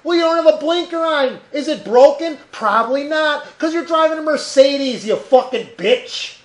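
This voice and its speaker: High-voiced man ranting angrily. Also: normal speed. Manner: angry, profane, loud ranting with mocking voices. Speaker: podcast host. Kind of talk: solo rant podcast. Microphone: desk mic at a computer.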